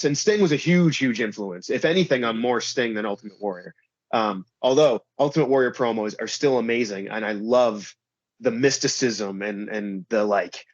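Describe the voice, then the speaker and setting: A man in a casual interview who rambles, filling his talk with "like" and "you know". His voice sits at an ordinary middle pitch. The recording is dry and a little dull. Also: normal speed, dry recording. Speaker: pro wrestler guest.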